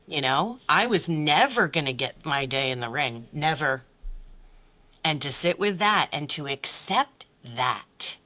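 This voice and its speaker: Podcast guest, woman, middle-aged, candid and blunt, bright forceful tone, swears, voices others. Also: low voice, animated, a little slow. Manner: blunt, swears freely, acts out quotes with big voices. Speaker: podcast guest, life coach. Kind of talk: candid personal story in conversation.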